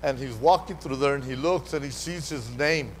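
A man preaching a sermon as pastor, animated, calling out to the congregation and repeating his words. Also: mid-range voice, normal speed, a little hiss or hum, poor audio. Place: church hall during a live service.

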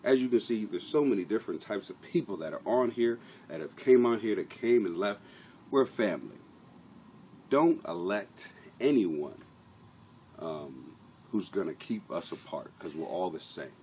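A middle-aged man with a mellow voice on the low side chats animatedly at a moderate pace, hosting his comedy podcast in his home basement. It's casual live-stream talk that rambles, curses and mocks himself, with a bit of hiss or hum behind it.

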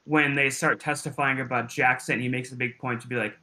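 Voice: mid-range voice, moderate pace, hardly any pauses, sharp tone. A YouTube host chatting casually and mockingly while commenting on courtroom clips, often laughing.

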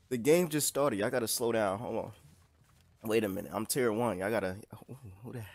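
A young man casually commenting on his own gameplay, joking and trash talking the other players with sudden bursts of excitement. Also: fairly low pitch, a little fast. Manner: animated, jokey trash talk to opponents, bursts of excitement. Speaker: gaming streamer.

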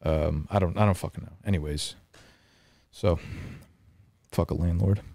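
A man's voice: deep voice, fairly even intonation, measured pace, mellow, dry recording, studio quality. A young man co-hosting a podcast, telling an exasperated, rambling story and swearing freely in a casual chat. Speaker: podcast co-host. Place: apartment room. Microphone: studio mic.

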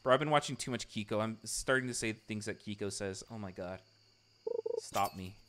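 A male streamer chatting casually with his viewers while playing, excitable and swearing freely as he reacts to the game. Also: on the low side, normal speed, slight background noise. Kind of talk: casual live gameplay chat.

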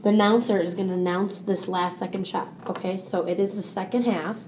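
A woman's voice: mid-range voice, steady tone, a little fast, a little mellow, slight background noise. A woman tutoring a student, explaining step by step and asking "okay?" often. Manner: patient, explains step by step with many "okay?" checks. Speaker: reading tutor. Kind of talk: one-on-one teaching.

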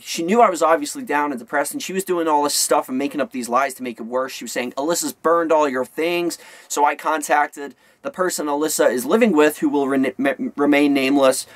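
A young man with a slightly high voice recounts a long story to his camera. He rambles and restarts his sentences often, and his voice sounds dry and close. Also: no echo. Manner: rambling, many fillers and restarts. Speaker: vlogger. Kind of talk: storytime vlog rant.

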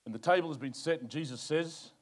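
A middle-aged Australian man preaches from the pulpit in a fairly high voice. His delivery is dynamic, with loud, urgent bursts that drop into soft, low asides. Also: quick pace. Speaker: pastor. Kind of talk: sermon.

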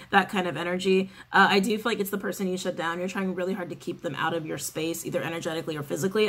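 A woman's voice: fairly low pitch, fairly even intonation, quick pace, hardly any pauses, a bit bright. A woman giving a casual spoken tarot reading, chatty and sassy, swearing freely and repeating her phrases. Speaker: tarot reader.

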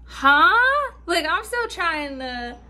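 Bright high-voiced young woman vlogger. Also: measured pace. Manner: chatty, swearing, nervous laughter between lines. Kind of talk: casual storytime vlog.

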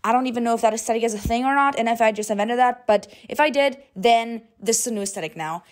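A woman's voice: a little high, quick pace. A young woman doing a chatty voice-over, spinning a playful story and talking straight to the viewer. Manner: playful, gossipy, addresses the viewer directly. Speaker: book vlogger.

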